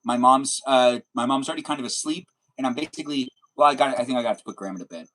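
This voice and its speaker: Young man, livestream host, rambling, jokey, chatty, mid pitch. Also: fast, fairly bright tone, low-quality recording. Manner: rambling, jokey, asks guests questions. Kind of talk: casual livestream chat.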